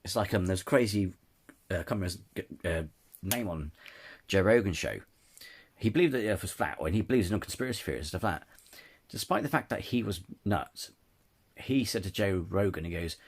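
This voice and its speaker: A man's voice: low voice, lively intonation, fairly quick, husky. A man ranting in a casual opinion video, stumbling over words, restarting sentences and apologizing often. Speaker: channel host. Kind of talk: casual opinion rant to camera.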